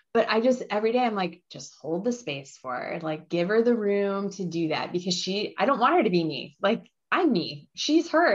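A woman co-hosting a podcast, responding reflectively and affirming her guest in casual interview chat. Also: mid-range voice. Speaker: podcast co-host. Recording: dull lo-fi sound.

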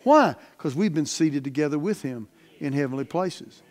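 Here a pastor gives a sermon with folksy, down-to-earth plainness, alternating forceful loud stresses with soft asides. He speaks at normal speed in a voice on the high side, with lively intonation.

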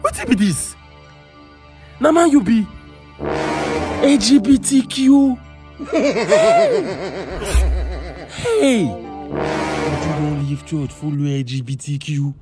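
An actor with a Nigerian accent playing a sly, excitable young churchgoer in a comedy skit, crying out and pleading in a rush. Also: male voice, a little high. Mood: outraged. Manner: excitable, loud exclamations, rapid pleading. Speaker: comic actor. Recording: music playing behind.

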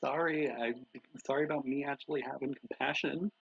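A woman playing a tabletop game who asks wry questions. Her voice is low, husky and gravelly for a woman. Her mic sounds dull and dry. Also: fairly even intonation, a little fast, no room sound. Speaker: player. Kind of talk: casual tabletop play.

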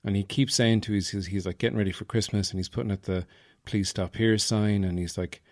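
A man's voice: on the low side, steady tone, fast, no room sound, clean studio sound. An Irish man hosting a podcast, telling stories in a rambling, wry, self-mocking comic monologue. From Ireland, Offaly. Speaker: podcast host.

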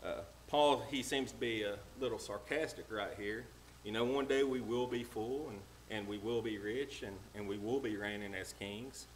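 A man's voice: on the low side, slight background noise, poor audio. Folksy preacher man. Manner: plain-spoken and homespun, reads King James verses slowly. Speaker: lay preacher. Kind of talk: folksy sermon with scripture reading. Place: church sanctuary.

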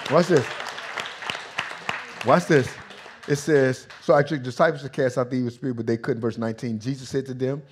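A male pastor preaching a sermon in a vernacular style, swinging from hushed, intimate passages to loud shouting. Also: mid-range voice, a little fast.

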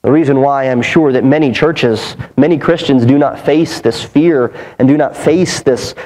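A man's voice: mid-range voice, darkish tone, low-quality recording. A man preaching a sermon as pastor, earnest and emphatic, building his points through repeated phrases. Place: church sanctuary.

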